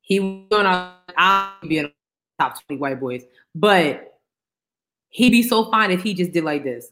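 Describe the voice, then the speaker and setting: A woman's voice: on the low side, expressive, normal speed, fairly bright tone, faint music behind. A woman co-hosting a podcast in casual chat, emphatic and slangy, repeating her punchlines for effect. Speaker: podcast co-host.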